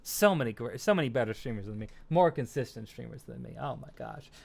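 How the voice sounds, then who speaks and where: A man's voice: mid-range voice, expressive, fast, gravelly, darkish tone. A young American man hosting a stream, chatting casually with viewers, rambling and self-deprecating. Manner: rambling and self-deprecating, lots of fillers and laughs. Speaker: streamer host. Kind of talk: casual stream chat reading viewer comments.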